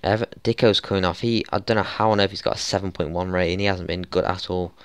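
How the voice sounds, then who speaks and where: A young man narrates his football management save in a lowish, smooth voice, recorded dry and close at a desk mic. He grumbles, swears and breaks into exasperated yells at his players. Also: level tone, fast talker, dry recording. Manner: frustrated, swearing, exasperated outbursts. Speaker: gaming YouTuber. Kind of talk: football management let's play commentary.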